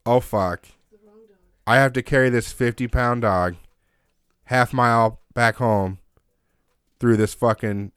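A man telling a long story in casual chat, animated and swearing constantly. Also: lowish voice, smooth, no echo, clean studio sound.

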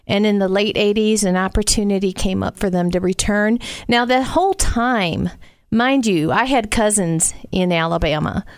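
A woman's voice: mid-range voice, normal speed, no echo, clean studio sound. A middle-aged woman from the Midwest with a mild Southern accent, chatting casually as a guest and telling stories with little asides. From Northwest Indiana. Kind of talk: casual conversation.

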